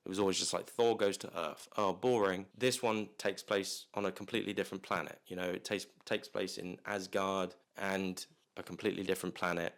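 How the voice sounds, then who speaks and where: A man's voice: low-pitched, a bit bright. A man reviewing a movie in a casual, rambling way, full of restarts, fillers and jokey asides.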